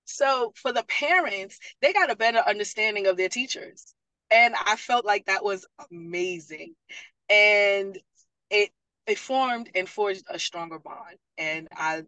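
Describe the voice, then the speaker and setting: A woman's voice: fairly low pitch, no room sound, rough recording. A woman, a parent liaison telling stories in a casual panel talk and acting out what others said. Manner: animated storyteller, acts out quotes. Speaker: parent liaison and program graduate.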